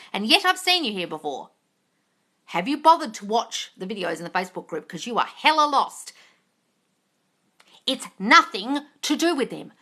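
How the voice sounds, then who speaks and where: A woman answering viewers' questions on a live stream, blunt and sweary, scolding her viewers and swinging from low mutters to loud yelling. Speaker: manifesting coach answering live chat questions. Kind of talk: blunt livestream Q&A.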